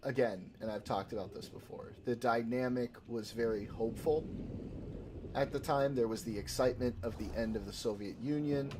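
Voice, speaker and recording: A man's voice: medium pitch, moderate pace, noisy background. A man co-hosting a livestream, talking politics casually with many fillers and dry jokes. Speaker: co-host of a livestream. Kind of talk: casual political chat on a stream.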